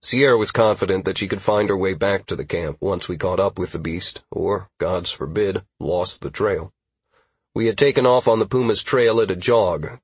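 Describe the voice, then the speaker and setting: Husky-voiced man narrating an audiobook. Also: sits low, no room sound. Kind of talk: first-person fantasy audiobook narration.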